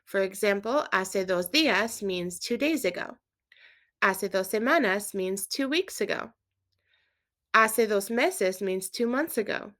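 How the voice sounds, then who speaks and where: A woman teaching a Spanish grammar lesson, patiently explaining verb endings and quizzing the listener in a clear, steady way. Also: mid-range voice, measured pace. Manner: clear, patient instruction with quiz prompts. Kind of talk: scripted language lesson.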